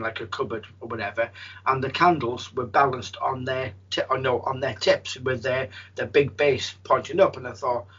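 A medium with a husky voice, telling a story in a rambling way, with many restarts. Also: male voice, medium pitch, a bit bright, dull audio. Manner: rambling, frequent restarts and fillers. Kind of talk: storytelling in an interview.

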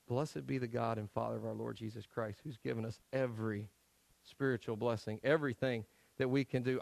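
A male pastor preaching a sermon to his church, telling stories with acted-out voices and swinging between loud emphasis and quiet asides. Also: medium pitch, creaky, no echo, poor audio. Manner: animated storytelling, acts out quoted voices. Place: church sanctuary.

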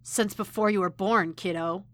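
A woman voicing a sly, gruff old blind man who drawls and smirks. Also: medium pitch, steady tone, normal speed, close to an everyday voice. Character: old blind male mentor, sly and menacing.

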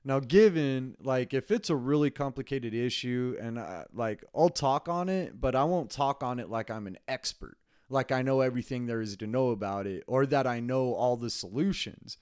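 A man's voice: medium pitch, normal speed, darkish tone, clear, resonant tone, dry recording, clean studio sound. A man hosting his own podcast, rambling in a casual solo monologue, swearing freely and laughing often. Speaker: podcast host. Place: home recording space.

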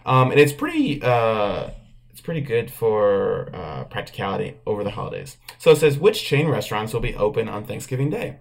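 Gravelly man reading a list with jokes. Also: on the low side, normal speed. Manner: jokey, deadpan asides. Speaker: podcast co-host. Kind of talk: casual chat, reading a news list aloud.

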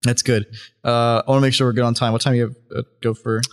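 A man's voice: mid-range voice, flat delivery, fast. A man co-hosting a podcast in casual chat, acting out quotes and laughing often. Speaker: podcast co-host.

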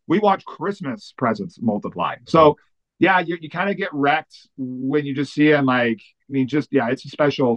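A man who works as a pastor, recounting one story after another, full of "like" and "you know". His voice sits in the middle range. The recording is slightly muffled and lo-fi. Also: mid-range voice. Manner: animated, fast-running anecdotes with many fillers. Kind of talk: storytelling in an interview.

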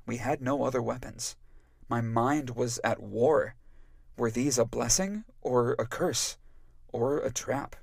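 A man narrating an audiobook in a measured, even storytelling manner. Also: mid-range voice, creaky, breathy edge, dry recording, clean studio sound. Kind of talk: scripted narration.

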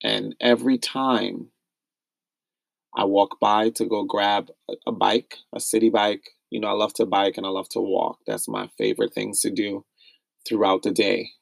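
A man's voice: lowish voice, normal speed, vocal fry, no echo. A young man from the United States hosting a solo podcast, speaking with raw pain and anger, repeating himself as he vents. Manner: emotional, repetitive, pained and angry. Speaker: podcast host.

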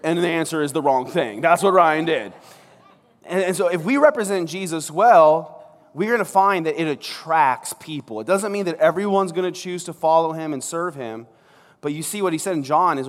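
Jokey pastor preaching in a reverberant hall. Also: male voice, a little high, normal speed. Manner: jokey and conversational, acting out scenes. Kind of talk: sermon. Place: large church hall. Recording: long reverb of a large hall.

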